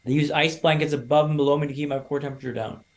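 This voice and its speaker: A man in his thirties from Canada, a podcast guest telling his own story in a lively, casual way and acting out other people's lines. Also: on the high side, rapid-fire. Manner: animated storyteller, acts out quoted voices.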